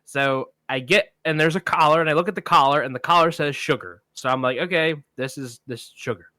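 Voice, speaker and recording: A man's voice: fairly high pitch, brisk, dry recording. A man co-hosting a film podcast, telling a long anecdote in casual chat and acting out the people he quotes. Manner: animated anecdote teller, acts out quoted voices. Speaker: podcast co-host.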